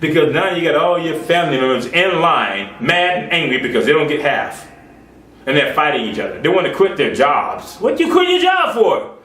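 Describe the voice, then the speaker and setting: A man preaching a sermon in an emphatic, folksy way, swinging between loud outbursts and quiet asides. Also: on the high side, expressive, normal speed, roomy sound, recorded from a distance.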